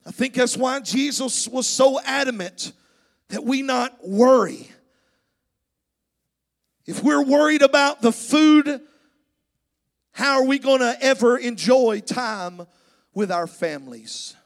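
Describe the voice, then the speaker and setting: A high-voiced pastor takes his sermon slowly in the church sanctuary, his voice full of vocal fry and broken by frequent pauses. He preaches emphatically, swelling into shouts and a sing-song cadence, and keeps stammering and restarting lines.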